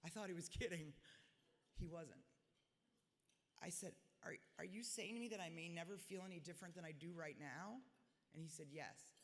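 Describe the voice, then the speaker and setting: A woman in her forties, her voice on the low side, reads a personal speech written like a diary entry at a hotel ballroom gala. She talks at a normal speed but leaves long pauses, with blunt, self-deprecating humor, and the room echoes heavily.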